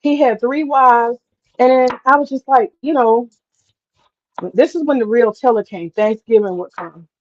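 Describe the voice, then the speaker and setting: Woman telling a story on a stream, kinda high voice, drawls n gets animated, swears a bit, muffled lo-fi sound. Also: unhurried, slight background noise. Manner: animated, drawling, swears casually, mutters to herself while cooking. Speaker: host. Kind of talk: casual livestream storytelling.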